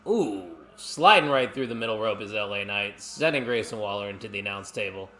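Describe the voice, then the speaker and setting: A man's voice: on the low side, lively intonation, fairly quick, sharp tone. A man co-hosting a live watch-along stream, chatting casually and reacting to the action while reading viewer comments.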